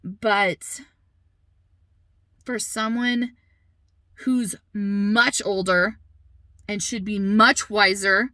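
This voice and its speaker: Upset mother with a bright voice. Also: medium pitch, steady tone, no room sound. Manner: emotional, indignant, talks fast with many restarts. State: upset, holding back tears. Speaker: mother telling a story. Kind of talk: casual vlog storytelling.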